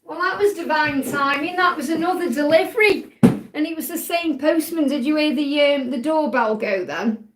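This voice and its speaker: A high-pitched woman hosts a live spiritual Q&A stream. She talks in a casual, chatty way, reassuring her viewers and checking in with them often. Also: normal speed, a little hiss or hum. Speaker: spiritual reader hosting a live Q&A. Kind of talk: casual livestream reading.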